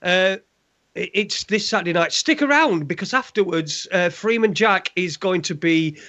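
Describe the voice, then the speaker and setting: A man's voice: sits high, lively intonation, normal speed, bright, forceful tone. A man hosting a talk show, wrapping up hesitantly with ums and restarts. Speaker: host. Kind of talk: show sign-off.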